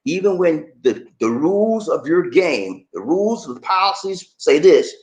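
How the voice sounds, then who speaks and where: A man giving casual money advice in an animated way, laughing often and acting out phone calls. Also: on the high side, a little slow, echoey room, poor audio. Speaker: personal finance vlogger.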